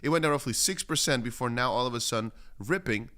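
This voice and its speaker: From a home studio in Dubai, a man with a sharp, mid-range voice talks fast on a casual crypto livestream. He rambles through commentary on charts and reads viewer comments aloud.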